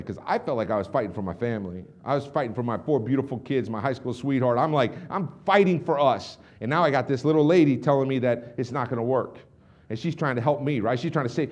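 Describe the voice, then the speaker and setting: A middle-aged man giving an intense storytelling speech as a motivational speaker, swinging between hushed confessions and loud outbursts. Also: mid-range voice, fast.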